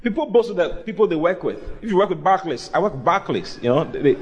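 Male pastor, slightly high voice, playful and animated, call-and-response preaching. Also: fast, muffled recording, a crowd in the background. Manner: animated and humorous, with teasing asides and repeated phrases. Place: church with a live congregation.

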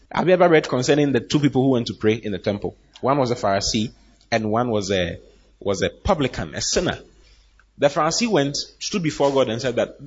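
Husky guy preaching a sermon, acts out the bible folks, kinda muffled lo-fi sound. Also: mid-range voice, brisk. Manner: animated preaching, acting out Bible characters and laughing. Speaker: pastor. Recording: dull lo-fi recording.

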